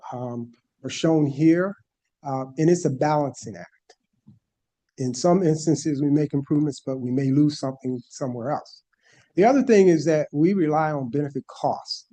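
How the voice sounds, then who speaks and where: A man with a fairly high, mellow voice presents to a board meeting. He talks in a methodical way and walks through each slide in turn. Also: moderate pace.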